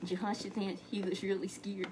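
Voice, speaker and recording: Woman storyteller, mid-pitched, chatty and repetitive, telling a Bible story for kids. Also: little pitch movement, fairly quick, darkish tone, slight background noise. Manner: chatty, repeats words, asks the listener questions.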